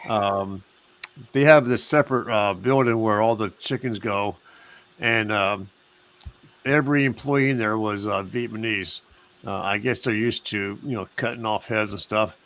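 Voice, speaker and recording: A man's voice: on the low side, unhurried, fairly bright tone. A man hosting a casual live stream, rambling with many fillers and restarts. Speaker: host.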